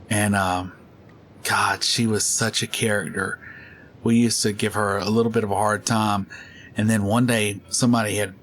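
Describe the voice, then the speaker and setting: A middle-aged man with a drawl, chatting loosely as he plays a game. His voice sits on the low side, and he rambles from story to story with frequent laughter. Faint game sounds hum underneath. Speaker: gaming channel host. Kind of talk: casual chat while playing.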